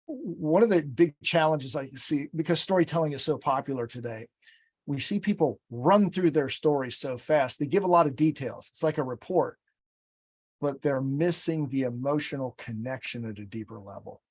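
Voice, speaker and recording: Man coaching on speaking, slightly high voice. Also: animated, a little mellow, breathy edge. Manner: measured, coaching tone. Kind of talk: podcast interview.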